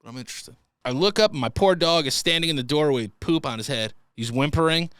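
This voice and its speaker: Young man, comedy podcast host, crude riffing, bright tone. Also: a little high, fast, clean tone, dry recording, studio quality. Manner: animated, crude, breaks into silly voices. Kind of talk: comedic story reading and riffing.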